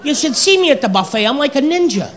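High-voiced comedian shouting punchlines. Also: sing-song, fast, a crowd in the background, noisy background. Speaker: stand-up comedian. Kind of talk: stand-up comedy routine. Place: comedy stage before an audience. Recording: live show with loud audience laughter.

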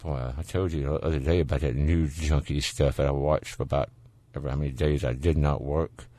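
Southern guy hosting call-in radio, real low voice, dry close mic, laid back and folksy. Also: fairly even intonation, brisk, warm tone, dry recording. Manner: easygoing, chatty, folksy. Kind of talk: casual call-in radio chat.

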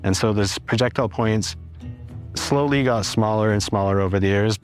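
Male expert interviewee, lowish voice, patient and methodical, faint music bed. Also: moderate pace. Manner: patient, explanatory, with frequent "and so". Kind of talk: interview explanation.

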